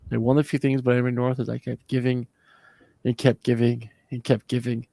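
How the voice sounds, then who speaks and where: He speaks briskly in a warm, level mid-range voice with vocal fry, recorded without room sound. A Canadian podcast co-host who once worked convention staff, he rambles through a lengthy, profane, emotional story, voicing the quotes himself in casual conversation.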